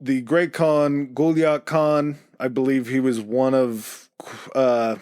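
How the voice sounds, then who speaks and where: Relaxed man telling history on a podcast. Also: medium pitch, slow pace, smooth, no room sound, clean studio sound. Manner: relaxed, hedging, with fillers. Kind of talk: casual history storytelling.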